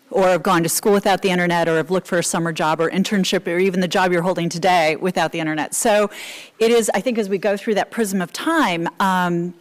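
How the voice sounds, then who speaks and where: A woman speaking as a panelist before an audience, measured and thoughtful, building long points with fillers. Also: medium pitch. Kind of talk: panel discussion. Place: conference room with audience.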